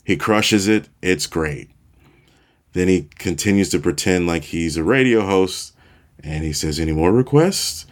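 Deep, slow-talking male podcast host. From Chicago, USA. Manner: relaxed, self-deprecating storyteller, chuckles at himself. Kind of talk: casual storytelling monologue.

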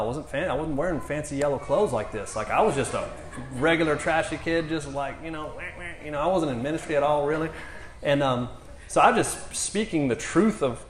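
A man ministering to a congregation, telling a testimony story in an animated way and acting out the quotes. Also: a little high, reverberant, slight background noise. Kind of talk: storytelling sermon.

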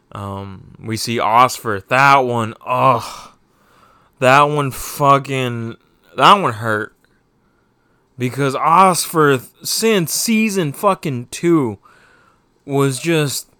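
A man's voice: mid-range voice, bright, forceful tone, clean tone, no room sound, clean studio sound. A man giving a casual, rambling spoken review of a TV season, swearing often and getting heated. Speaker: show reviewer.

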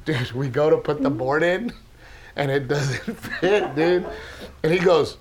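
A middle-aged man co-hosting a podcast, telling funny stories in a casual, animated way and acting out other people's lines. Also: a little high, measured pace. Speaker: podcast co-host. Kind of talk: casual storytelling chat.

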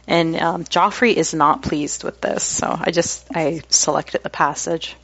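A woman's voice: sits low, steady tone, a little slow, hardly any pauses, fairly bright tone, no echo. A woman co-hosting a podcast, chatting casually with laughing asides and reading book passages aloud. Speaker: podcast co-host. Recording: slightly dull dry lo-fi recording.

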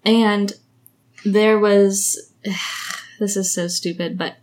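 A young woman co-hosting a podcast tells stories in casual chat, laughing often. She speaks very slowly in a steady, medium-pitched voice that's a little mellow.

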